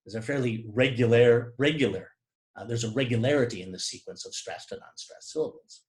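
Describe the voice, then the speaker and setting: A man's voice: mid-range voice, fairly quick. A man giving a recorded lecture, explaining by example with asides and restarts, and tapping out rhythm with spoken syllables.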